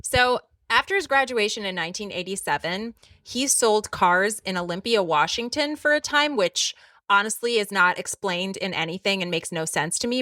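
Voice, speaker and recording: A woman's voice: mid-range voice, sharp tone, no room sound, distant mic. A woman in her thirties co-hosting a podcast, chatty and laughing often as she goes off on tangents. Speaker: podcast co-host. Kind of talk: casual chat.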